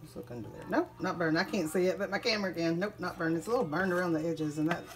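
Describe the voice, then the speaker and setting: Casual home cook vlogger, young woman, slightly low voice, rambling and chatty. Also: fast talker, over music. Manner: chatty, rambling, laughs often. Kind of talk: casual cooking vlog. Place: home kitchen.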